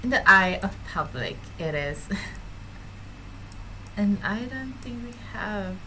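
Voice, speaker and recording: A woman's voice: medium pitch, lively intonation, slow pace, noisy background. A woman giving casual, giggly gameplay commentary as a YouTuber and talking straight to her viewers. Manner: chatty, giggly, addresses viewers directly. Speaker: gaming YouTuber.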